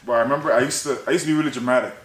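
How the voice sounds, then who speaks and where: A young man hosting a podcast, telling a story in casual chat, animated and laughing, with "bro" in nearly every line. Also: mid-range voice, rapid-fire. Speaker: podcast host. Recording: roomy echo, faint noise.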